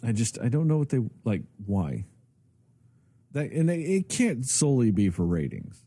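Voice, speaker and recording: A man's voice: medium pitch, normal speed, breathy edge, dry recording. A man co-hosting a podcast in casual chat, ranting and swearing a lot as he talks. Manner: profane, ranting, animated. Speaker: podcast co-host.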